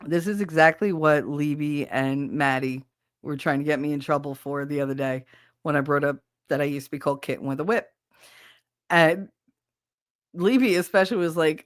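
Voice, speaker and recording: A woman's voice: on the low side, normal speed, dry recording, clean studio sound. A woman with a Southern accent hosting a casual podcast chat, talking frankly and profanely and laughing often. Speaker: podcast host.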